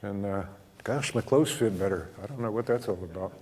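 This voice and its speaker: Mellow-voiced man teaching in a reverberant hall. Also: on the low side, fairly quick. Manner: gentle and humorous, chuckles often. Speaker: spiritual teacher. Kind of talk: storytelling spiritual talk.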